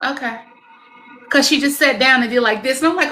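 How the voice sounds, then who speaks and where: Halting psychic medium woman on a live stream. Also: sits high, pushed and bright. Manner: halting, searching for words, coaxing; relays messages with swoops up into quoted speech. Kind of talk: live-stream spirit reading.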